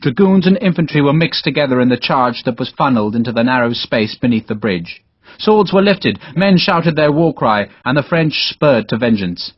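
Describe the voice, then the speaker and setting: Husky male audiobook narrator. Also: medium pitch, animated, moderate pace, no room sound. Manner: dramatic storytelling, voices all characters. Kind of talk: scripted narration. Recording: dull, dry lo-fi audiobook recording.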